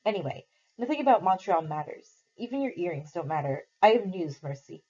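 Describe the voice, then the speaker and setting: A woman's voice: lowish voice, sing-song, a little fast, dark tone, slightly rough, dull audio. A woman voicing a defiant Puritan captive girl who talks in an insistent, scolding way.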